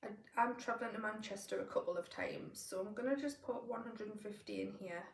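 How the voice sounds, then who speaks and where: A woman with a gravelly, creaky edge talks through her budget, musing aloud and tallying numbers as she goes. She sits back from the mic, so her voice carries a roomy echo with faint ambience behind it. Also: mid-range voice, fairly quick, recorded from a distance, slight background noise. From northeast England. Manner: thinking aloud, doing sums as she goes. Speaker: budgeting vlogger. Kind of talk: casual budgeting walkthrough.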